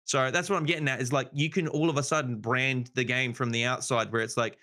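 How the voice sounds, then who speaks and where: A man's voice: medium pitch, steady tone, fast, bright, forceful tone. A man rambling in casual podcast chat, swearing freely and saying "you know" a lot. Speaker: podcast guest.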